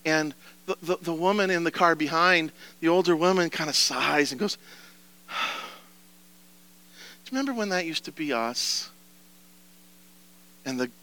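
Male pastor, earnest sermon delivery, high tenor, crisp and bright, dry room. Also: no room sound. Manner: earnest, preacherly, rising to emphatic pleas.

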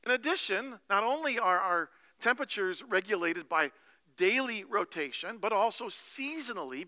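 A male pastor giving a sermon with animated storytelling and slow, emphatic phrases. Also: high voice, no room sound.

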